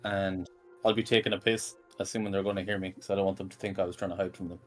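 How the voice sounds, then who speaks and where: A man's voice: deep voice, flat delivery, quick pace, faint music behind. A man playing a tabletop game who talks in a brash, crude way. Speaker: player. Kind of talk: tabletop role-play.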